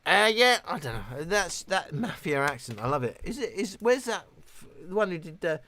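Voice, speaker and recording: A man hosting a relaxed late-night livestream, rambling and a bit tipsy. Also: high-pitched, moderate pace. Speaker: livestream host.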